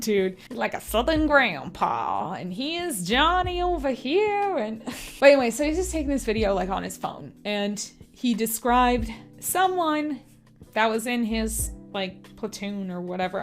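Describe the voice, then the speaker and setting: A woman chats her way through a book review in a loose, rambling style, padding her sentences with fillers as she goes. Her voice sits at an ordinary mid pitch, and faint music plays softly behind her. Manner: rambling, filler-heavy, chatty. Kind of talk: casual book review vlog.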